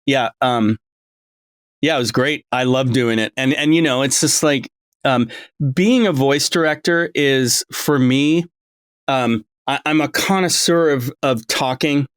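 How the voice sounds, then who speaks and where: A man's voice: mid-range voice, a little slow, fairly bright tone, smooth, no echo. Rambling middle-aged man, dry sound. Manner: rambling, full of ums and restarts. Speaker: voice director, interview guest. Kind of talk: casual long-form interview. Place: his home.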